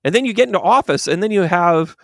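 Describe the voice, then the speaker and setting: Gravelly, sarcastic male livestream host. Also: high voice, expressive, fast talker, a bit bright, no echo, clean studio sound. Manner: sarcastic, digressive, conversational. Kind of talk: casual rambling commentary.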